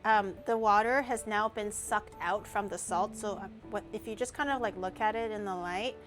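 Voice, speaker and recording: A young woman streamer chatting casually and rambling as she cooks, with loud playful outbursts. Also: medium pitch, normal speed, music in the background. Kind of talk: casual cooking stream chat.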